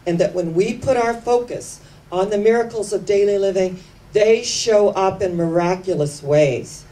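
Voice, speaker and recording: A woman giving an inspirational sermon, telling stories with slow, emphatic phrasing that sometimes sinks to hushed tones. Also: mid-range voice. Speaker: spiritual speaker. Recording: distant mic with faint background noise.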